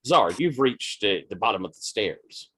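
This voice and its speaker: Man, game master, somewhat low voice, conversational scene narration, tabletop game. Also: big pitch swings, normal speed, fairly bright tone.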